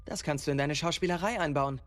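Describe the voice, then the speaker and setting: A voice actor playing an impatient video game character who talks quickly and dismissively. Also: medium pitch, over loud music, lightly acted.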